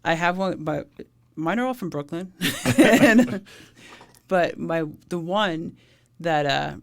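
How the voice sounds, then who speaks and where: Gravelly middle-aged woman, blunt first responder telling war stories, chatty. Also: on the low side, slow. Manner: blunt, talkative, laughs often. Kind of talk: casual storytelling interview.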